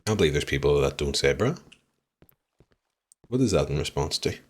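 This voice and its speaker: A man streaming a game live, chatting with viewers, swearing freely and reacting loudly to what happens on screen. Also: extremely low pitch, animated, normal speed. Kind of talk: live gameplay commentary.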